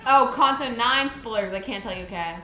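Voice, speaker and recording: A young woman streaming a game, chatting in an excitable, rambling way with lots of fillers. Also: fairly high pitch, fairly quick, slight background noise. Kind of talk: casual live-stream chat. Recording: roomy echo with faint music.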